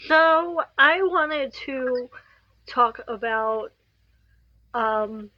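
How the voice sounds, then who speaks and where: Slow, high-voiced woman hosting, dry sound. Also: expressive, no echo, dull audio. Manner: friendly, hesitant questions with fillers. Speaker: podcast host. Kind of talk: casual interview.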